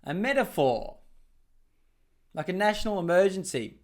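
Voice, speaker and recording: Hosting a political commentary video, this Australian man riffs casually over clips, laughing at them with sarcastic mockery. He sounds animated and high-pitched, speaking at normal speed.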